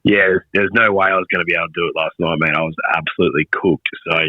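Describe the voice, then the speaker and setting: Sick bloke on a dull remote line. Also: male voice, deep voice, fairly even intonation, very fast, no echo. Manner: easygoing, hesitant with ums. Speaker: podcast co-host. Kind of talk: casual racing podcast chat.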